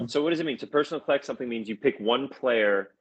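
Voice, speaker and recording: An enthusiastic man talks as a podcast guest, quick to laugh and full of energy. His voice sits at a middle pitch for a man. The sound is a little dull and lo-fi. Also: husky. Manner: animated, laughs often, enthusiastic. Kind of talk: casual chat.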